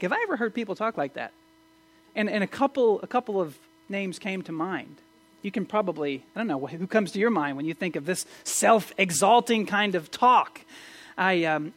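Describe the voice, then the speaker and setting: A man preaching a sermon as pastor, animated and asking his listeners questions, with frequent restarts. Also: high-pitched. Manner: animated, asks the audience questions, many restarts.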